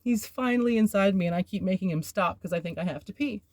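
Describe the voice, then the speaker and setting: A woman's voice: medium pitch, fast talker, a little mellow, dry recording. A woman hosting a podcast, telling a personal story in a candid, rambling way, with filler words and nervous laughs. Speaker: podcast host.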